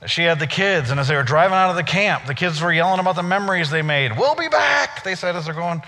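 Bright-voiced pastor in a church hall. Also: male voice, a little high, fast. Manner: conversational storytelling, playful asides with the congregation. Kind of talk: sermon.

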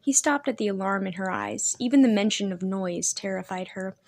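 Female narrator, mid voice, steady measured storytelling. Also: medium pitch. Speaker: audiobook narrator. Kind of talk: scripted narration.

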